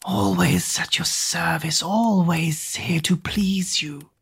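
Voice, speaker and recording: Whispered role-play: woman as sly lizard manservant, oily and grovelling, husky hush. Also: lowish voice, fairly even intonation, exaggerated voice. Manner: hissing whisper, slow and oily. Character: fawning male lizard servant, sly and grovelling.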